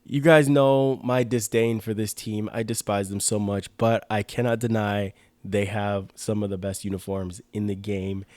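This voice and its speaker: A man's voice: lowish voice, flat delivery, normal speed, few pauses, a little mellow, no echo. A young man co-hosting a sports podcast in casual chat, laid-back, laughing often and repeating words. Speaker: podcast co-host.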